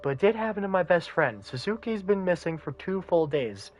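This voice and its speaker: A man's voice: high voice, very animated, brisk, faint music behind, voice pushed up. A man voicing an earnest, worried young boy who pleads insistently in a raised voice. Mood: pleading.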